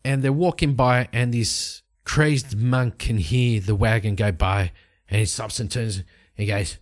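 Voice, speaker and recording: A man's voice: on the low side, steady tone, a little slow. A man hosting a solo tabletop game, narrating the story and musing aloud as he checks tables and rolls dice. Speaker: host and solo game player.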